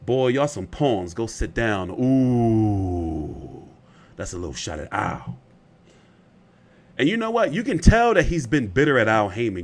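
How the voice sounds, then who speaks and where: A man's voice: on the low side, very animated, measured pace. A man hosting casual boxing commentary, rambling and opinionated, often profane.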